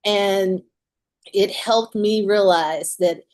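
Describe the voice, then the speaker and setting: A woman's voice: medium pitch, extremely slow, darkish tone. A woman in her forties, a musician and author, candidly telling a personal story in an interview and laughing often as she talks.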